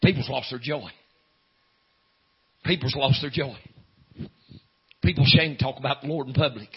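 A man preaching a revival sermon, telling a story and building to chanted shouts with gasped breaths. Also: medium pitch, normal speed, slightly rough. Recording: dull lo-fi recording.

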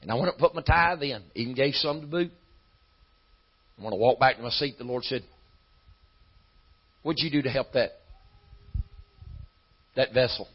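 A man preaching a sermon in a folksy style that climbs into shouting. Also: medium pitch, normal speed, pauses often, breathy edge, lo-fi sound.

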